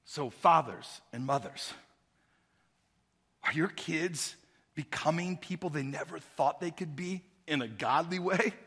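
A male pastor preaching a sermon, swinging between quiet, conversational asides and loud, shouted exhortation. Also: on the high side, unhurried, creaky, slightly rough, big-room sound.

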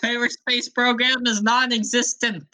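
An excitable, chaotic man who keeps breaking into laughter, as a woman improvises him. His voice is bright, sharp and fairly high, and it bounces between alarm and glee. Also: moderate pace, rough recording. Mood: giddy. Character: excitable Irish potato-obsessed acid man. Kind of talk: improvised comedy role-play.

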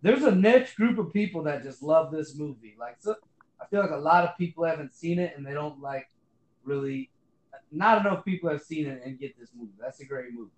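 A man's voice: fairly high pitch, expressive, a little fast, echoey room, low-quality recording. A man co-hosting a casual podcast, rambling with lots of fillers and swearing. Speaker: podcast co-host. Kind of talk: casual chat.

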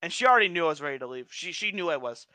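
A young man co-hosting a casual podcast, telling stories in an animated, profane way with frequent restarts. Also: fairly high pitch, rapid-fire, no echo. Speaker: podcast co-host. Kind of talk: casual chat.

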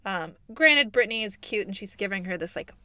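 A woman hosting a casual movie review podcast, chatty and expressive, talking in a put-on Midwestern accent. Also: mid-range voice, brisk, no room sound, clean studio sound. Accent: fake Midwestern. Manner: expressive, chatty, laughs often. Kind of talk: casual chat.

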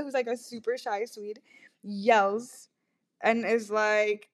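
A woman's voice: on the high side, fairly even intonation, measured pace. A young woman hosting a podcast, telling a rambling, self-deprecating story in casual confessional talk, full of "like" and swearing. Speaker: podcast host.

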